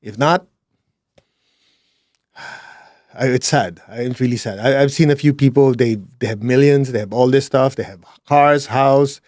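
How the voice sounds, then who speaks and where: Guy telling a heartfelt story, goes hushed then punchy, blunt asides, dry close sound. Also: mid-range voice, measured pace, pauses often, no echo. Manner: animated, swings between hushed and emphatic; plain-spoken, with blunt asides. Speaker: speaker sharing a personal story. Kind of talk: reflective personal storytelling.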